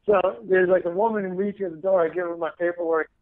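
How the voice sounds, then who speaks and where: A man, a comedian from the San Francisco area, telling animated, profane stories in a casual interview. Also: high voice, fast, no echo, narrow, tinny audio. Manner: animated, profane storytelling with acted-out quotes. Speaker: comedian guest.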